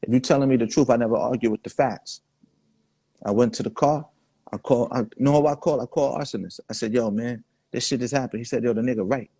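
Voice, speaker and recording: A man's voice: mid-range voice, fast, mellow, husky, no echo. A man, the guest in a casual interview, telling laid-back stories full of quoted dialogue. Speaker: guest artist.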